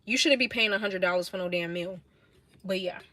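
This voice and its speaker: A young woman with a New York accent, livestreaming and telling blunt, animated stories in casual chat. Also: mid-range voice, a little fast, no room sound. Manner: blunt, animated, swears a lot.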